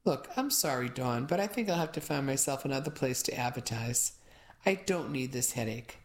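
A woman's voice: very deep voice, animated, moderate pace. A woman voicing an irritated young male guest who answers curtly. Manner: curt, irritated.

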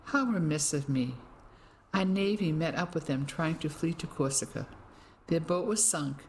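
A woman's voice: low voice, normal speed, a little hiss or hum, low-quality recording. A woman reading the part of a smug, cruel male Nazi officer with a mocking, menacing manner. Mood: gloating. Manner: mocking, menacing, self-satisfied.

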